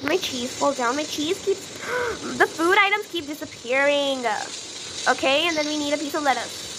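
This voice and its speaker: A young woman chatting through a video game as she plays it, easily flustered, with gasps and excited outbursts. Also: high voice, normal speed, background noise. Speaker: gaming YouTuber. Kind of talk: casual gameplay commentary.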